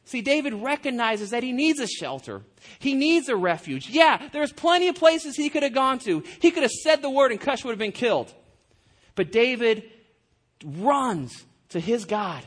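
A man delivers a sermon in an easygoing, conversational way. His voice sits fairly high for a man. He asks rhetorical questions and jokes at his own expense. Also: big pitch swings, moderate pace, a bit bright, husky. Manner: conversational preaching, rhetorical questions, self-deprecating humor. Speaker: pastor.

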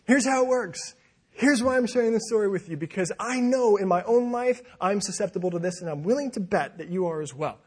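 A man preaching a sermon, telling a personal story in an animated way and acting out the voices he quotes. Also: high-pitched, breathy edge.

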